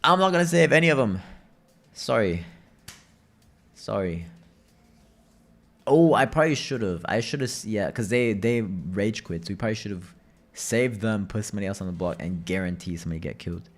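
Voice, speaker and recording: A man's voice: on the low side, normal speed, pauses often. A young man streaming a game, chatting and telling rambling stories with plenty of swearing. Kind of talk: casual gaming commentary.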